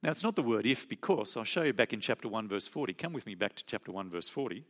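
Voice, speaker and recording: Lively-pitched male preacher. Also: fast. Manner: expressive, acts out quoted speech with sudden soft asides. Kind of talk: sermon.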